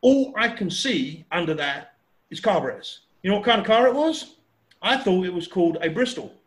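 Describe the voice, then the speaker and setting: Guy in his 60s telling a story, chatty and animated, kinda high voice, echoey room. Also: fairly quick. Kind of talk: casual anecdote telling.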